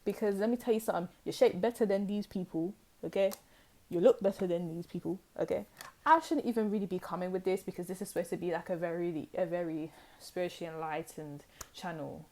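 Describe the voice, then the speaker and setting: A young woman giving a pick-a-card tarot reading, talking in an emphatic, animated way and repeating phrases for stress. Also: fairly low pitch, a little fast. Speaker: tarot reader.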